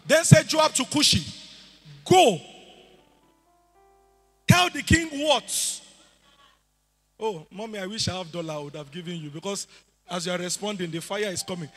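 A man preaching a sermon to a church, animated and sing-song, at times rising to shouts. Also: high voice, fast. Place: church hall. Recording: echoey hall with music behind.

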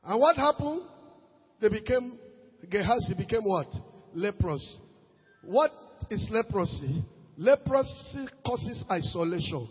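A Nigerian man preaching a sermon as pastor, swinging between shouted peaks and low asides, slipping into Pidgin. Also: expressive, a little slow, pauses often, breathy edge, in a large hall, lo-fi sound. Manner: preaches with sudden shouted rises and quiet drops, mixes in Pidgin.

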